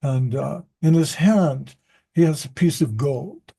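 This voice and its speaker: A reading teacher rambles at a group meeting, telling stories that he keeps interrupting and restarting in casual discussion. His voice is on the high side, slow, dark and breathy with vocal fry, and his intonation is lively.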